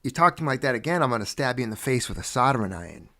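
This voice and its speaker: A man putting on the voice of an older ex-mobster working as a janitor, with a clipped, halting delivery. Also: medium pitch, very animated, bright, forceful tone. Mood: menacing. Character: menacing ex-mob male janitor, older man.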